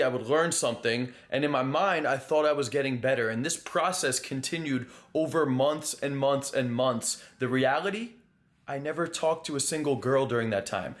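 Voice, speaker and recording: A man delivers a promotional pitch straight to the viewer, earnest and insistent. His voice runs a little higher than most men's. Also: fairly bright tone. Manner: earnest, direct address to viewer.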